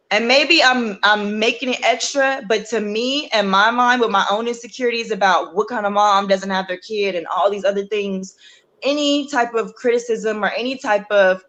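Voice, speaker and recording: A woman's voice: mid-range voice, fairly bright tone. A woman speaking as a guest in a conversation, telling a personal story in an earnest, emotional way. She uses many casual fillers and acts out what people said. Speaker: interview guest, bereaved mother.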